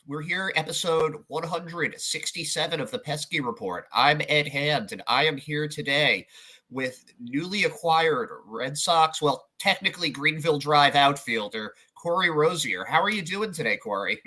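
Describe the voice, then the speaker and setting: Bright-voiced chatty podcast host man. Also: on the high side, lively intonation, normal speed. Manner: chatty, filler-heavy, trailing restarts. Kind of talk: casual interview chat.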